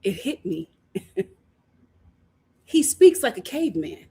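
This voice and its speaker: A woman's voice: a little high, takes it slowly, gravelly, husky. A woman hosting a casual live recap of a reality show, talking animatedly and acting out the cast's lines. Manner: animated, acts out quotes, laughs often. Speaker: host reviewing a reality show.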